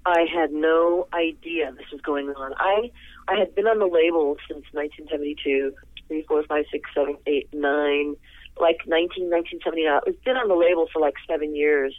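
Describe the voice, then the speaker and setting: A fairly high-voiced man telling a rambling story over the phone. His voice is thin and tinny, like a phone line, and it sounds dry and close. He talks in an animated way, jumping in pitch when he acts out his own reactions. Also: fairly quick, dry recording. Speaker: interview guest, singer. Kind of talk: casual storytelling.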